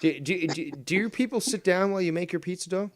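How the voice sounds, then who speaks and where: A man's voice: sits high, quick pace. A man from Canada hosting a gaming stream, teasing and swearing as he rambles on a computer mic. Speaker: streamer host. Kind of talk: casual gaming stream chat.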